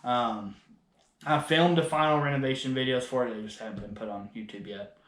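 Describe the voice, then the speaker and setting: A man co-hosts a casual podcast in a mid-range, fairly bright voice that runs a little fast. He's laid-back and laughs a lot, and the room sounds echoey.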